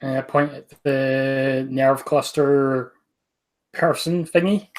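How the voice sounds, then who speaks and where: Cast: tabletop player, slow halting delivery, mid-pitched. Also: steady tone. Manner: halting, casual. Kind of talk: tabletop role-play chat.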